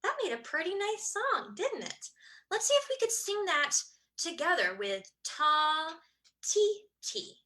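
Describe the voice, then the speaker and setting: A woman's voice: extremely high pitch, very animated, a little slow, bright, forceful tone, rough recording. A young woman teaching a children's music lesson in a cheerful sing-song way, counting out rhythms and singing them for little ones to copy.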